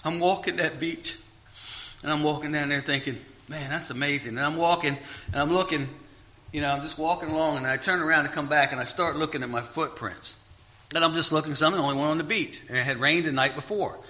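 A male preacher with a fairly high, very bright and cutting tone, carried by his story. He keeps asking the room rhetorical questions in an animated, storytelling style. The recording sounds dull and lo-fi. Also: quick pace. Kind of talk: sermon with personal story.

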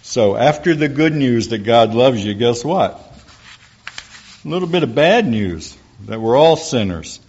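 Giving a church testimony in a folksy storytelling style, this middle-aged man performs the dialogue of the people he quotes for his audience. His voice is medium-pitched, darkish and slightly rough, animated yet a little slow. It comes through on a dull lo-fi recording.

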